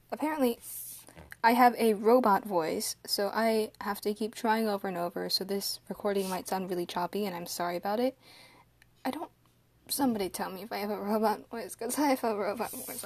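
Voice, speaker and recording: A woman's voice: mid-range voice, moderate pace, no echo. A woman hosting a casual podcast chat, talkative and easily flustered, laughing often, recorded through a phone. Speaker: podcast host. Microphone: phone speaker.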